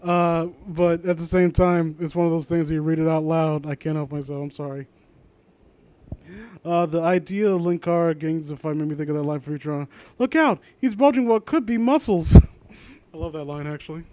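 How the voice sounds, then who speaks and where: A man's voice: fairly high pitch, level tone, moderate pace, dark tone, clear, resonant tone. A young man reading fan fiction aloud and breaking off into rambling, sarcastic commentary. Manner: rambling, sarcastic asides, trails off.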